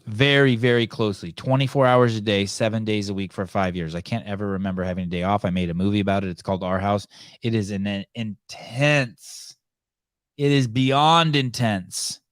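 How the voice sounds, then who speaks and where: Halting, low-voiced man hosting a podcast. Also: no echo, studio quality. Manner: rambling, halting, many restarts. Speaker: podcast host. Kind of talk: live call-in podcast chat.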